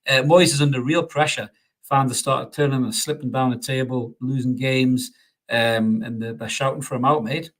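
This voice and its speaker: Man, football podcast host, chatty, swearing, laughing, mid pitch. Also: fairly even intonation, moderate pace, fairly bright tone. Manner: chatty and sweary, laughs often, many restarts. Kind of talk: casual football podcast chat. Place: home studio, podcast.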